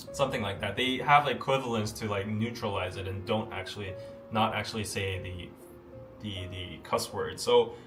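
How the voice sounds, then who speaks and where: A man's voice: lowish voice, fairly bright tone, distant mic. A man in his thirties hosting a podcast livestream, talking in a casual, rambling way with lots of fillers. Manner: rambling, chatty, with frequent fillers. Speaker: podcast host.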